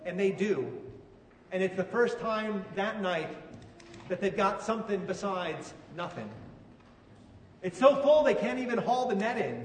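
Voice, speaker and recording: A man's voice: high voice, a little hiss or hum. A man preaching a sermon in a conversational way, asking his listeners questions. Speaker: pastor. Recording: echoey hall from far off, faint ambience.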